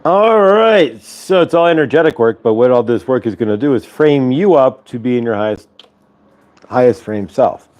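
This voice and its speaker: Hosting a spiritual morning livestream from home, this man talks loosely and rambles with plenty of filler words while leading guided breathing. His mid-range voice has lively intonation, a normal speed and a slightly mellow quality. He's recorded on a clip-on lapel mic.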